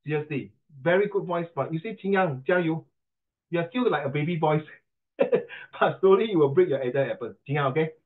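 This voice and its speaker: A middle-aged man with a Singaporean English accent talks at normal speed in a voice on the high side. He's coaching pronunciation in an online class, chatty and teasing, with bits of Mandarin, over a tinny video call line.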